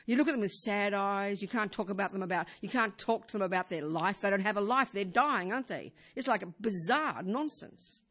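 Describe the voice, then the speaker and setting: An older woman teaching as a Buddhist teacher in an informal talk. She speaks conversationally, with frequent "you know" and rhetorical questions, and swings between emphatic and hushed delivery. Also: medium pitch, brisk, hardly any pauses.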